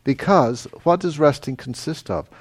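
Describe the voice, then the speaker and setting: A middle-aged man teaching a meditation class, answering questions in a relaxed, halting way with many fillers. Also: on the high side, slightly rough. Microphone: microphone.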